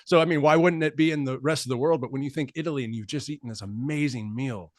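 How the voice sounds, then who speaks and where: A man's voice: mid-range voice, fast, dry recording, clean studio sound. A man hosting a casual podcast chat, telling loose, profane stories with laughs. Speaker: podcast host.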